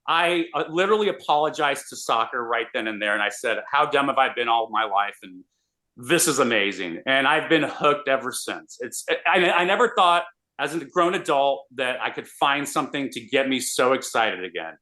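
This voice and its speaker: A man, a radio host, telling an animated story in a casual interview. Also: medium pitch, moderate pace. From Austin, Texas. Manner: animated, excitable storyteller with many restarts.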